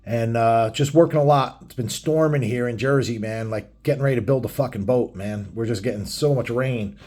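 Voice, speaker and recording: A laid-back biker guy talking straight to his viewers, swearing freely and dropping "man" at the end of his sentences. His voice sits at an everyday middle pitch for a man, and his talk is relaxed and rambling, full of little asides. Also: moderate pace. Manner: loose and profane, keeps saying "man". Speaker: biker author telling stories. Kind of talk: casual vlog chat.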